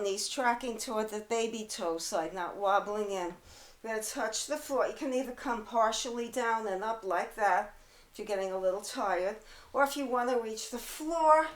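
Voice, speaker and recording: A woman leading a pilates workout at home, a little out of breath, calmly cueing moves and counting reps. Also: a little high, roomy sound, rough recording. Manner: calm counting and cueing while exercising. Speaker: pilates instructor. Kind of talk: guided workout instruction. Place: home apartment.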